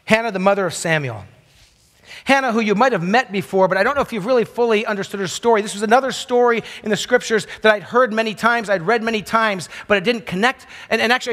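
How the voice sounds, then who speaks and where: A man preaching a sermon as a pastor, telling a story earnestly, repeating phrases and dropping his voice low for emphasis. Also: a bit bright. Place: college chapel. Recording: long hall reverb.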